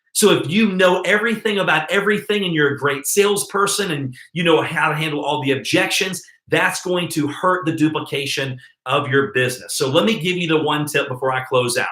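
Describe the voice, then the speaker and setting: A man giving an emphatic, energetic network marketing training talk straight to his viewers. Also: on the high side, a little fast, few pauses, echoey room.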